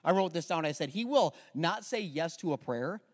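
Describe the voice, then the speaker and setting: A man preaching a sermon as pastor, passionate, moving from hushed, intimate moments to loud emphatic lines. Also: fairly high pitch, animated, moderate pace, long reverb tail. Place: church sanctuary.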